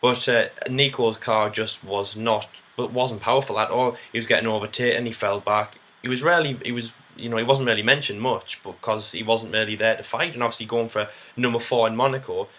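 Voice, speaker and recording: A man co-hosting a casual racing debate, talking it through with lively retellings of drivers' radio messages. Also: mid-range voice, brisk, few pauses. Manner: animated, acts out drivers' radio quotes. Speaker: co-host of a racing review show.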